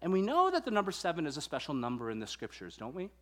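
A male pastor delivers a sermon in a slightly high, bright-sitting voice. He reads scripture in a steady, measured way, then talks conversationally and playfully, asking the congregation questions.

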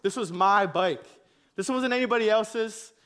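Young male preacher, slightly high voice, casual, self-mocking storyteller. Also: unhurried, a bit bright. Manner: laughing, self-mocking, acts out quoted voices. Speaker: pastor.

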